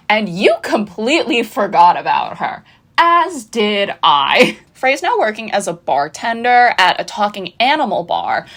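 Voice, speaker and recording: A woman's voice: medium pitch, a bit bright. A woman in her twenties giving a casual, sardonic recap of a TV season, chatting and acting out the characters' lines. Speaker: video essayist.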